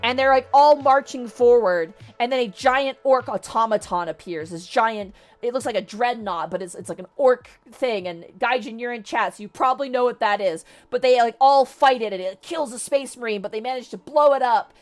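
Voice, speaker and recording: A woman's voice: fairly high pitch, moderate pace, few pauses, faint music behind. A young woman streamer animatedly retelling a book to her chat, swearing often. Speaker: VTuber streamer. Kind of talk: casual livestream book recap.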